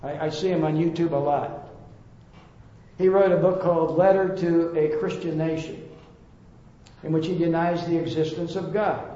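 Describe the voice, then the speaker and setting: A man's voice: on the high side, fairly even intonation, normal speed, long pauses, dark tone. A man preaching a Bible-teaching sermon, earnest and emphatic, with occasional stammered restarts. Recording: roomy, dull lo-fi sound.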